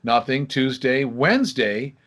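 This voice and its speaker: A man in his sixties, lively, animated storyteller. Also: mid-range voice, a little slow. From Michigan, USA. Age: 60s. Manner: lively storyteller who acts out quoted dialogue. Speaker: podcast guest, magician. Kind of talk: casual interview storytelling.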